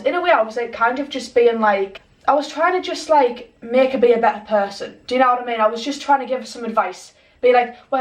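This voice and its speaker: A young woman telling a story in casual chat, animated, swearing and acting out what people said. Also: fairly high pitch. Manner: animated, swears a lot, acts out quotes. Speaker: vlogger. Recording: echoey room, mic at a distance.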